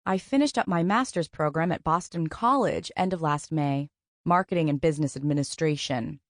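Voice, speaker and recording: A woman's voice: sits low, normal speed, no room sound. A woman voicing a guarded, ambitious young woman who answers with wry, dry retorts.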